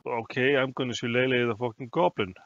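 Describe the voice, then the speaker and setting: A man's voice: mid-range voice, steady tone, fairly quick, fairly bright tone, dull audio. A man playing a tabletop game, hesitant and full of fillers, swearing mildly. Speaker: player. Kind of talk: casual tabletop game chat.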